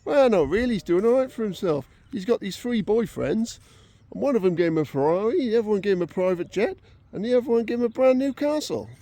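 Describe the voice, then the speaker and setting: Joke voice: a man playing a smug, loud older dad showing off. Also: high voice, expressive, fast, no room sound, voice pushed up. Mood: boastful. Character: smug older man bragging about his son. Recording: outdoor recording with clear background noise.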